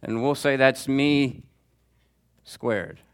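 A man teaching a Sunday school class, talking conversationally and calling on students by name, with lively swings in pitch for emphasis. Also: very slow, smooth. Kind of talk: teaching sermon. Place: church classroom before a group.

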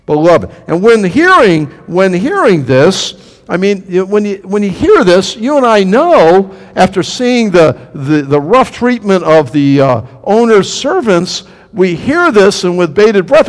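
A man preaching a sermon in a lively way, acting out the voices in the story and putting questions to his listeners. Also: high voice, measured pace, in a large hall. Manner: animated, acts out quotes, asks the congregation questions. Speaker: pastor.

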